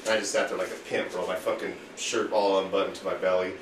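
A man's voice: deep voice, level tone, fast talker, recorded from a distance. A man telling a long, profane story to friends in a casual chat, acting out what people said. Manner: profane, boisterous storyteller who acts out quotes. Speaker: podcast host telling a story. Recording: echoey room with faint background noise, off-mic.

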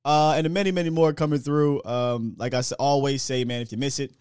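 A man's voice: mid-range voice, fairly even intonation, brisk, clean tone, no room sound, clean studio sound. Hyped man hosting a live sports show. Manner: hyped, slangy, shouts out chat. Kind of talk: live sports talk stream.

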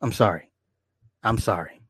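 A man in his forties hosts a casual livestream, reading comments in a lowish, fairly bright, slightly rough voice at a moderate pace with no room sound. He rambles, swears, laughs a lot and speaks straight to his viewers.

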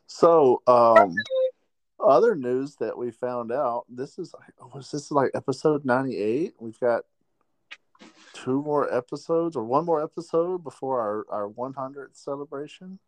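A man's voice: mid-range voice, a little slow, no room sound, low-quality recording. A man co-hosting a podcast over the phone, rambling hesitantly with many fillers. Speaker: podcast co-host calling in. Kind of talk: casual chat.

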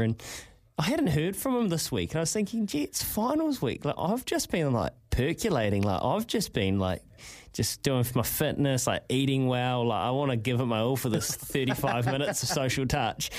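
A man's voice: mid-range voice, normal speed. A man telling a story on a breakfast radio show, acting out quotes with a jumping voice. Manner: animated storytelling, acts out quotes in a raised voice. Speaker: radio host. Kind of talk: casual breakfast radio banter.

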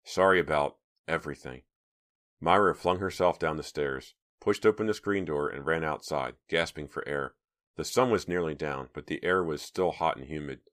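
A man narrating an audiobook in an even, measured storytelling manner. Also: a bass voice.

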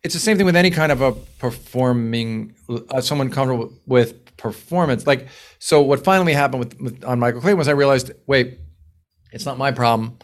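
Male podcast guest, mid-pitch, lively storyteller, swears casually, restarts a lot. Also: brisk. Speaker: guest screenwriter and producer.

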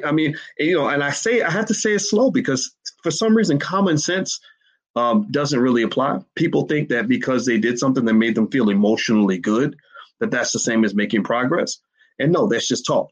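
A man's voice: medium pitch, slightly rough, dull audio. A man giving emphatic livestream commentary to his chat, hammering points with repeated rhetorical questions. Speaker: finance commentator.

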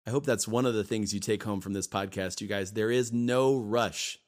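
A man's voice: fairly low pitch, normal speed. A man co-hosting a podcast, talking casually and emphatically, often repeating himself and briefly acting out voices. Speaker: podcast co-host.

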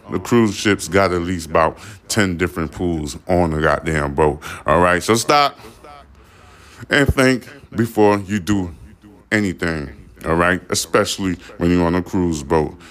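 Deep-voiced man ranting bluntly. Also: fairly bright tone. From Caribbean, family from Haiti. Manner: blunt, profane and emphatic. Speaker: podcast host. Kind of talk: podcast commentary rant.

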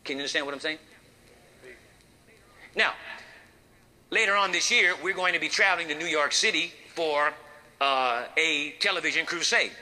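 A man delivering a sermon with a very bright, cutting tone and a slightly raised pitch. He talks in a folksy, emphatic way. He leans on dramatic pauses and rhetorical questions. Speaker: preacher.

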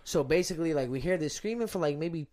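Young male podcast guest, a slangy and laughing storyteller with a somewhat high voice. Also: animated, quick pace, crowd noise. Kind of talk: casual storytelling chat.

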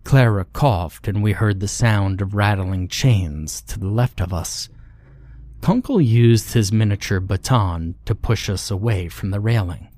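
Low, mellow male horror narrator. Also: expressive, unhurried, no echo. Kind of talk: scripted horror story narration.

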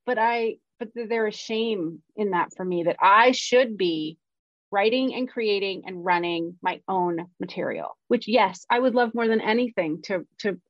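Frank and self-deprecating, a woman screenwriter swears freely as she shares personal stories candidly in conversation. Her voice is on the low side, captured in a dull, dry lo-fi recording without echo.

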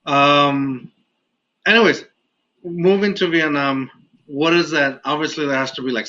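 Man from Mexico, podcast host, bright tone, rambling and relaxed; lo-fi sound. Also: medium pitch. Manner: laid-back, rambling, many fillers. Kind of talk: casual podcast chat. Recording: dull lo-fi audio.

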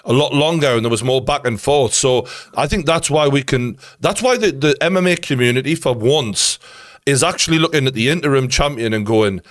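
A man's voice: medium pitch, fairly quick, no room sound. A man hosting a podcast in casual chat, enthusiastic and thinking aloud with fillers as he makes his points. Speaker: podcast host.

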